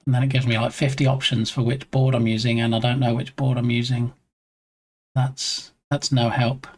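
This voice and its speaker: Casual streamer, mid-pitched, narrating their own troubleshooting live and chatting with viewers between steps. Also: little pitch movement, moderate pace, a little mellow. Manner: muses to self, reads screen text aloud, chats with viewers. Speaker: game dev streamer. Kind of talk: live-stream thinking aloud while troubleshooting. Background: headphones on.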